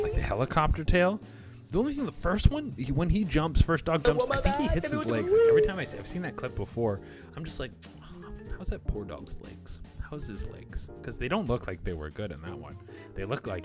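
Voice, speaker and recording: A man riffs through a comedy reaction video with a loose, rambling delivery full of swearing and jokey asides. His voice swings lively up and down. Music plays clearly behind him. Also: medium pitch. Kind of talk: casual comedic reaction commentary.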